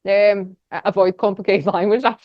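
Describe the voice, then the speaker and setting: The recording is dry, a little dull, and free of echo. On it, a young Scottish woman guest-speaks at a society conference in a casual, enthusiastic, rambling way, with many fillers and laughs, her medium-pitched voice fairly even and at normal speed.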